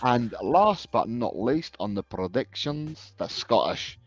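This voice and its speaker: A man co-hosting a casual live-stream podcast, briskly reading out viewer predictions. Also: mid-range voice, very animated, no echo. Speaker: podcast co-host. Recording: dull, dry lo-fi sound.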